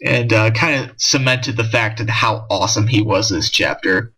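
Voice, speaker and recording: A man's voice: lowish voice, normal speed, sharp tone, breathy edge, rough recording. A man giving a casual, rambling spoken review of a comic chapter, with frequent restarts and filler words. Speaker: manga discussion vlogger.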